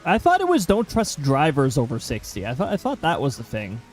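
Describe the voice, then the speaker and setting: Chatty male game streamer, lively voice. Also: fairly high pitch, brisk, soft background music, low-quality recording. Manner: chatty, rambling asides. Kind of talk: casual chat while streaming a game.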